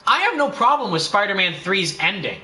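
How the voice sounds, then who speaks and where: Excitable high-voiced young man streaming. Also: fairly quick. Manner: excitable, laughs often, quotes movie lines. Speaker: streamer hosting a game livestream. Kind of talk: casual chat with a friend. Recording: echoey room with faint background noise.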